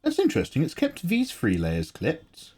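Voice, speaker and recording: A young man's fairly high, slightly mellow, husky voice swings hugely in pitch as he talks at a moderate pace. Hosting a live drawing stream, he chats casually, jokes with his audience, and laughs often.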